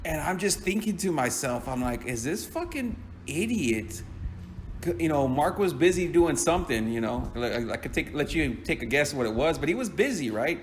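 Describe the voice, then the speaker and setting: A man's voice: on the high side, animated, a little fast, slight background noise. A man telling a story in a casual, rambling way, swearing and laughing often.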